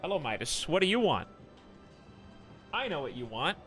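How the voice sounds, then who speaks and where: A man casually chatting through a live game stream at home, animated and chuckling often. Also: fairly high pitch, normal speed, long pauses, faint music behind.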